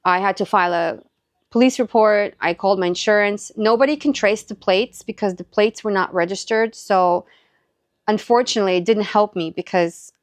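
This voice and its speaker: A woman's voice: mid-range voice, normal speed, no room sound. A woman from Southern California, a mother, chatting through a personal story with many likes and quoted back-and-forth. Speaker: faith and encouragement vlogger. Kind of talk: casual storytelling.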